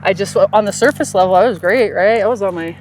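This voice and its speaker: Animated woman telling a personal story. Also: quick pace, a little hiss or hum. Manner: animated, jumps high in pitch when quoting others; laughs easily, drops soft and low on reflective parts. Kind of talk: casual storytelling chat.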